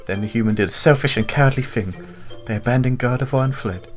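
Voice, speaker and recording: A man voicing an ancient, grave fox spirit in a deliberately deep, solemn, measured voice. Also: soft background music, close to an everyday voice.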